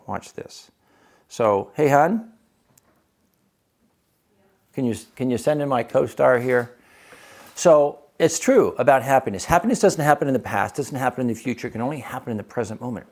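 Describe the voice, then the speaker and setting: Man, middle-aged, gravelly, dark-toned, chatty, asks the viewer questions, doctor hosting his show. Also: medium pitch. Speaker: physician and show host. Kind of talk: casual on-camera talk.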